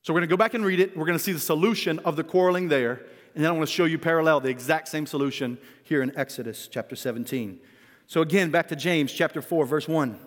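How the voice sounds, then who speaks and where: Man, pastor, sermon, earnest, chuckling often, high-pitched, long hall reverb. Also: quick pace. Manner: earnest preaching with frequent chuckles.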